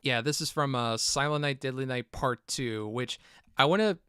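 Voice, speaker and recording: A man's voice: medium pitch, normal speed, bright, forceful tone, smooth, no room sound, clean studio sound. A young man hosting a casual film chat, rambling with many fillers and acting out movie quotes. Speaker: podcast host.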